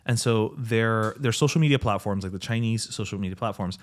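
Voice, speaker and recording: A man's voice: lowish voice, brisk. Ranting male podcast co-host. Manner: animated ranting, mocking quoted voices. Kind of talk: casual chat.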